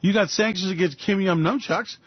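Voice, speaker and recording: A man's voice: sits high, fairly quick, slightly rough, dry recording. A man hosting a radio show, ranting about markets in a profane, sarcastic way. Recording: dull dry lo-fi recording.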